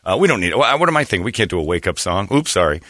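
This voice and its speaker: A man's voice: sits low, very animated, very fast, pushed and bright, dry recording, clean studio sound. A man hosting a morning radio show, chatting casually and rambling through jokes and ads. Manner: rambling, joking, self-correcting.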